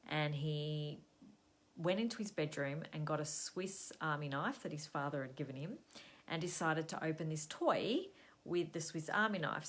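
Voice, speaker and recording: A woman's voice: low-pitched, fairly bright tone. An Australian woman hosting a live stream, chatting to viewers and telling a story in a casual, conversational way. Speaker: host of a weekly live show.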